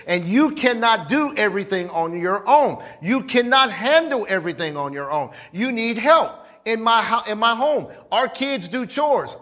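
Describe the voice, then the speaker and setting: A pastor preaching a sermon in a church, talking conversationally, repeating himself and calling on the congregation. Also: male voice, high-pitched, fairly bright tone. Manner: conversational, repetitive, calls on the congregation.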